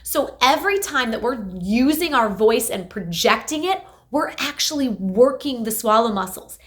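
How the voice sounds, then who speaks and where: A young adult woman, a speech therapist, giving an energetic, emphatic explanation in an instructional health video. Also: fairly high pitch, normal speed.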